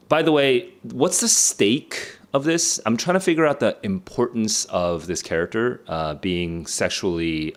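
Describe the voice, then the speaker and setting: A young man streaming a live read-along of a play, thinking aloud with many fillers and restarts. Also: deep voice.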